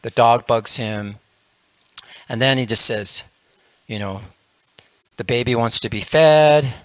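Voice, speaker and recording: A man's voice: medium pitch, slow, no echo. A man leading a religious class, telling a parable casually, with frequent "you know" fillers. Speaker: lecturer in a temple class.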